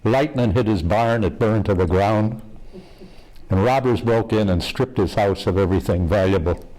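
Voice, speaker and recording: A man's voice: fairly low pitch, normal speed, a little mellow, rough recording. An older man telling jokes in an interview, folksy and laughing at his own punchlines.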